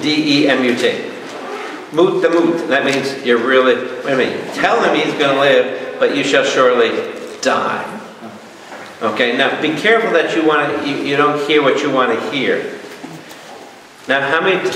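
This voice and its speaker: Priest teaching in an echoey hall. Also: male voice, medium pitch, moderate pace. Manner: animated, jokey, quizzes the audience. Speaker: priest leading a Bible study. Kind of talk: lively Bible study teaching. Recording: echoey hall, mic far off, noisy.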